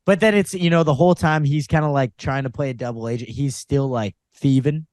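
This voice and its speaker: A man's voice: medium pitch, fairly quick, a little mellow, dry recording, clean studio sound. A man co-hosting a comedy podcast in casual chat, rambling through his points with lots of fillers and frequent laughter. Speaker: podcast co-host.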